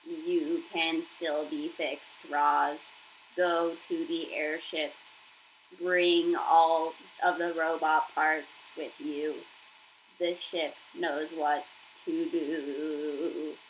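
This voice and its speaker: A woman voicing a dying male hunter robot who speaks in a slow, garbled, stuttering voice. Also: low-pitched, little pitch movement, slight background noise, voice pushed down, low-quality recording. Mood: dying, halting.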